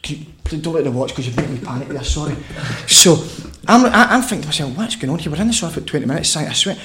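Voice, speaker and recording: A man's voice: on the high side, expressive, fast talker, a bit bright, a little hiss or hum. A Scottish man telling a funny story as a podcast guest, laughing and swearing as he goes. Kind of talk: casual storytelling.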